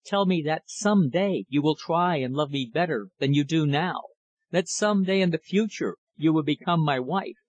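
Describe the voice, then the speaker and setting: A man reading an earnest young lover, husky. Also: fairly high pitch, normal speed, no echo, natural voice. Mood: desperate. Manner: earnest, impassioned. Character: ardent young gentleman declaring his love.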